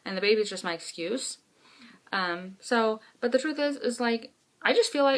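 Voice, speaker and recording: A woman's voice: a little high, moderate pace. A woman, co-hosting a podcast in frank, self-mocking casual chat. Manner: chatty, animated storyteller, frank and self-mocking. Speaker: podcast co-host.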